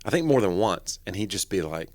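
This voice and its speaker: A man co-hosting a podcast in casual chat, a little hoarse with a morning voice after covid, telling stories playfully. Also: low-pitched, big pitch swings, brisk, dry recording. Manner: playful, jokey storytelling. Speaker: podcast co-host.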